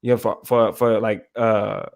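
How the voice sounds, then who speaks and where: A man's voice: lowish voice, flat delivery, measured pace, creaky, darkish tone. A man co-hosting a casual podcast discussion, talking emphatically and checking in with his listener. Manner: emphatic, keeps asking "you feel me". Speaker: podcast co-host.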